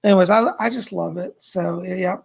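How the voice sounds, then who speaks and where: A middle-aged man with a strained, gravelly voice, chatting with viewers and leading a guided meditation on a live stream. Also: high-pitched. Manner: chatty, gentle, thanks viewers by name; slow soothing guidance in meditation. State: strained, worn voice. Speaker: psychic medium streamer.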